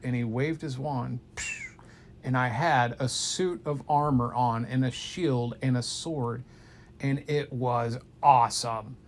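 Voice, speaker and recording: A man telling an improvised bedtime story to a child in an animated, playful way, sometimes dropping to hushed tones. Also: mid-range voice, slow pace, slight background noise.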